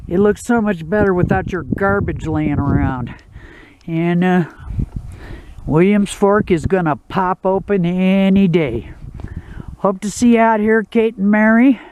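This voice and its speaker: Slow, rambling, laid-back man outdoors. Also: a little high, a little mellow. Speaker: outdoor vlogger. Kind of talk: casual outdoor vlog chat. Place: outdoors at a backcountry campsite.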